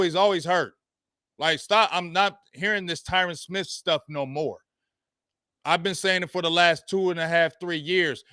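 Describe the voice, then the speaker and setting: A man hosting a sports talk show, ranting about his team in slangy, animated talk and reading out viewer comments. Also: a little high, smooth, no echo, studio quality.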